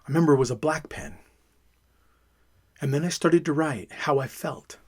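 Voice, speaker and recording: A man's voice: on the high side, moderate pace, long pauses, breathy edge. A man, a father, telling his own story in an emphatic way and repeating words for emphasis. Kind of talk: personal storytelling.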